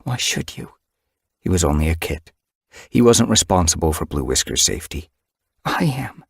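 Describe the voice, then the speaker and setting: A man's voice: sits low, very animated, normal speed, creaky, slightly rough, no echo, clean studio sound, heavily acted. Mothflight, a man voicing a caring she-cat healer. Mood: weary. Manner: urgent, sharp when scolding. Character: caring female medicine cat, anxious mother. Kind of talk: audiobook character voice.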